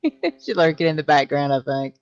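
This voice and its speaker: A woman hosting a casual hobby stream, who greets viewers warmly and laughs often. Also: sits low, big pitch swings, moderate pace, no echo, muffled recording. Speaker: host of a hobby painting stream. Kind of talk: casual chat, reading viewer comments.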